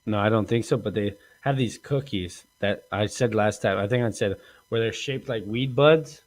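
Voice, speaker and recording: A man's voice: lowish voice, moderate pace. Rambling, profane male podcast host. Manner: rambling, profane, acts out quotes in animated voices. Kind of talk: casual crude comedy chat.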